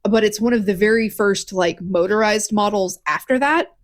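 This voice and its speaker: A woman co-hosting a podcast in casual chat, telling a story in a lively, profane way with lots of restarts. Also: medium pitch, normal speed. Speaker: podcast co-host.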